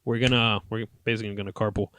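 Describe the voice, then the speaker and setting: A man's voice: fairly low pitch, very fast, no room sound. A man in his late twenties hosting a casual podcast, telling a story with lots of swearing and laughter. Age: 20s. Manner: profane, animated, laughs often. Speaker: podcast host.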